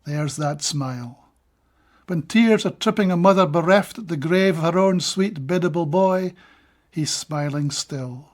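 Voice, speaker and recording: A Scottish man with a fairly high-pitched voice gives a measured, deliberate reading of poems he translated himself. Between poems he adds brief, plain-spoken asides.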